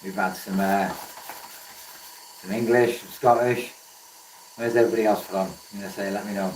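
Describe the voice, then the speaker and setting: Casual livestream host: man with a lowish voice, laid-back and chatty, heard a bit off-mic in a roomy space. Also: steady tone, normal speed, a little mellow, slight background noise. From Wales. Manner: easygoing, chatty, keeps calling viewers mate. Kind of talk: casual live-stream chat with viewers. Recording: roomy echo, voice from a distance.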